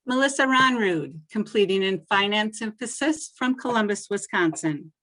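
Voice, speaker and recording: A woman presenting graduates at a ceremony, reading each name in a measured way that lifts on the name and drops at the end. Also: mid-range voice, expressive, sharp tone.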